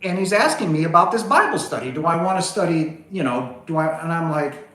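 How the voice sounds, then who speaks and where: A man's voice: a little high, moderate pace. A man hosting a spiritual livestream, telling a story in a rambling casual monologue full of asides. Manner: rambling, animated, full of asides like "right?" and "okay?". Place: home, on a couch. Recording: echoey room.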